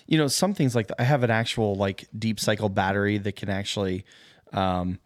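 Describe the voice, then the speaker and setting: A man's voice: lowish voice, steady tone, fairly quick, no echo, studio quality. A man co-hosting a casual chat about trip prep, rambling with lots of filler words. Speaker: podcast co-host.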